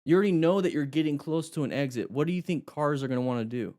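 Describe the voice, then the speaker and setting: A man teaching a live motorcycle riding class to his viewers, energetic and a bit out of breath. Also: fairly high pitch, quick pace, heavy background noise. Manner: energetic, talks to viewers directly.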